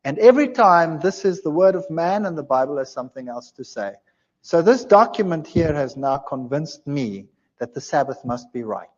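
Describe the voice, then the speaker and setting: A man telling his personal testimony, animated and acting out the dialogue he quotes. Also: on the high side, moderate pace. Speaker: speaker giving a testimony. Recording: dull lo-fi sound in a reverberant hall.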